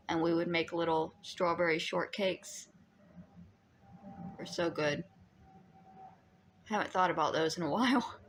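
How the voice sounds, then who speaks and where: Woman reaction streamer, chatty and reflective, a bit low-pitched. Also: fairly bright tone, slight background noise. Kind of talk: casual reaction commentary.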